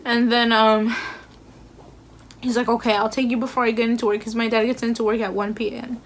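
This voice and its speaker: Brief: young woman vlogger, slightly high voice, rambling storytime delivery heavy on fillers. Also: flat delivery, fairly quick, slight background noise. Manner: chatty, filler-heavy retelling with acted quotes. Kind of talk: casual storytime.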